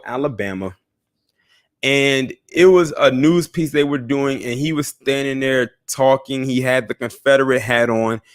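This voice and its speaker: Animated young man ranting to viewers. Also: medium pitch. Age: young adult. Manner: animated, talks to viewers directly, scoffing asides. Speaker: commentary show host. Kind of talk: casual news commentary monologue.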